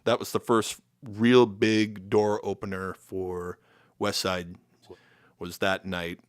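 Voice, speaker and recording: In a casual podcast chat, a middle-aged American man with a fairly low voice speaks slowly while recounting band stories. He's animated, acting out quotes with sudden loud jumps. The sound is clean studio audio with no room sound.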